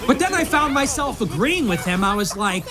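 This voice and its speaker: A man's voice: very high-pitched, sing-song, brisk, over music. A man speaking in a sarcastic, mock-earnest way in a clip played on a stream.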